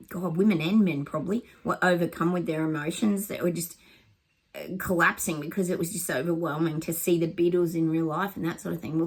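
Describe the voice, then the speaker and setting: A woman giving a rambling psychic reading to camera, with lots of ums and restarts. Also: sits low.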